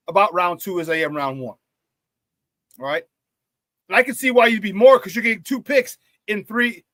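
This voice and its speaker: Male sports talk host, high, bright voice, dry close mic, excitable and chatty with the chat. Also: no room sound. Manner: excitable and hyped, with frequent laughs and slang. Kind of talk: live-streamed sports talk, reading viewer chat.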